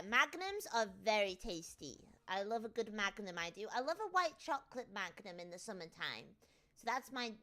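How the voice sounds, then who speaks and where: A woman's voice: a little high, pushed and bright. A British woman streamer chatting casually and playfully with her viewers, full of jokey asides. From Britain. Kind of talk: casual live-stream chat.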